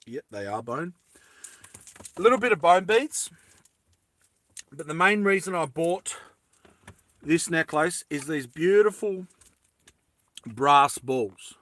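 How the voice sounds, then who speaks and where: Making earrings on camera, this streamer keeps up relaxed, playful chatter with his live audience, full of jokes and giggles. His slightly high, somewhat bright voice is animated, and he speaks at a measured pace with long pauses, with no echo.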